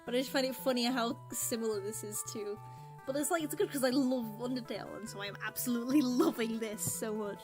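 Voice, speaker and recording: A giggly, excitable young woman streaming a game and reading its text aloud, with a voice growing tired. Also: a little high, a little fast. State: voice getting tired. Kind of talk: let's play commentary and reading game text. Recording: game music underneath.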